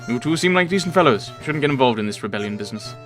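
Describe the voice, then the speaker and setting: A man voicing a secretive male gun dealer with a put-on accent that keeps slipping, hushed and pushy. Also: mid-range voice, lively intonation, very fast, faint music behind, lightly acted. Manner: hushed and conspiratorial, snapping when impatient. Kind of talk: voicing game characters in a let's play.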